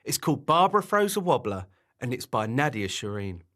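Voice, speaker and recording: A man reading a children's bedtime story aloud, in an animated and expressive way. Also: mid-range voice, a little fast.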